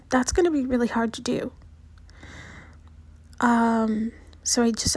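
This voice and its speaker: A woman talking in a personal video diary with a small, soft voice that often drops near a whisper, halting and restarting as she speaks. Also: on the high side, slightly rough, dry recording. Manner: halting, with many pauses and restarts. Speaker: vlogger.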